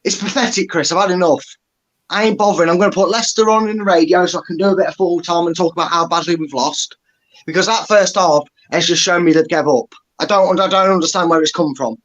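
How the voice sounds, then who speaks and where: Ranting football fan, high voice. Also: male voice, fast talker, a bit bright, dull audio. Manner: exasperated, blunt, sweary. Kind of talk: angry fan rant.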